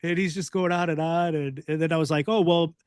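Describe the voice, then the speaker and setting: Man, podcast host, casual storytelling, animated, fairly high voice, dry sound. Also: fairly quick, clean tone, no echo. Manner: animated storyteller, acts out quoted voices loudly.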